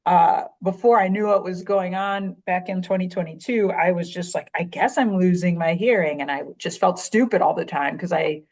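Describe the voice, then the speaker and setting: A woman's voice: lowish voice, moderate pace, hardly any pauses. Candid, wry woman from Chicago. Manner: candid and wry, with many fillers and profanity; quotes others in animated voices. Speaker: guest. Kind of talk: casual conversation.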